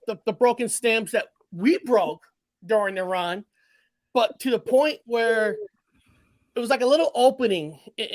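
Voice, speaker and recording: A man in his forties telling a story in casual conversation, animated and profane, often restarting and correcting himself. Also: high-pitched, no echo. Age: 40s. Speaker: guest.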